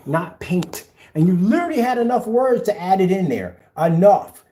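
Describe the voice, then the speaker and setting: A man's voice: sits high, animated, moderate pace, hardly any pauses, mellow, slight background noise. A man mocking a rival in a ranting callout video, sarcastic, taunting, and repeating phrases back at him. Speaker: video blogger.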